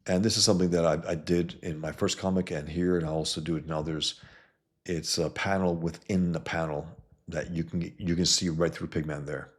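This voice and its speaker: A man's voice: low voice, flat delivery, a little fast, breathy edge. A man, a comic book creator, talking casually through his own work in a review vlog, blunt and emphatic, often repeating words as he goes. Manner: blunt, emphatic, swears freely.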